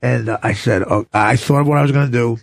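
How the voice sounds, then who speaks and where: A man with a gravelly, husky voice and a fairly high pitch spins an animated story in a radio studio, laughing between lines. The sound is dry and close on a studio mic. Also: fast talker, no echo. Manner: laughing at his own stories, animated. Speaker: comedian guest. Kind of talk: casual chat, storytelling.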